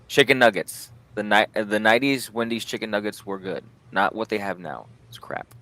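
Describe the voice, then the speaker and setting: A man's voice: on the low side, brisk, bright, forceful tone, dry recording. A man chatting casually and joking in a folksy way. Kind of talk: casual chat.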